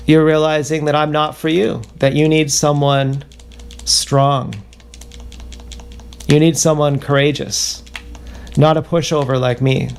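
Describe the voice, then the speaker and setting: A man livestreaming a rambling confessional monologue, halting and self-questioning, circling back over the same words. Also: fairly high pitch, slight background noise.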